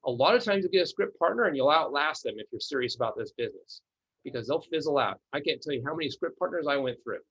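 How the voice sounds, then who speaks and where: Male trainer, husky, energetic and repetitive, a little high, dull lo-fi sound. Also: quick pace. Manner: energetic, repeats words, acts out dialogue. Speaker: real estate coach. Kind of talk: training session talk.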